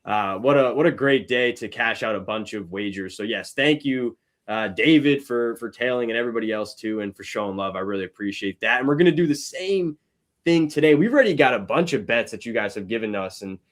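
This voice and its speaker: A man hosts a live sports betting show, chatting casually and greeting viewers in the chat by name. His medium-pitched voice is expressive and fairly quick, and his manner is rambling and upbeat.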